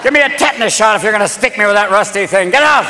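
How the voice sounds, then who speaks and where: A man doing a shrill, cranky old granny. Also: animated, rapid-fire, bright, forceful tone. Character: grumpy elderly grandmother, confused and crude. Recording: live crowd with background noise.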